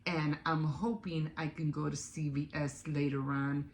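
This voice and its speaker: A woman's voice: sits low, little pitch movement, unhurried, a little hiss or hum. An older woman chatting casually in a vlog, telling stories with frequent laughs and restarts. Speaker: vlogger. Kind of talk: casual chat.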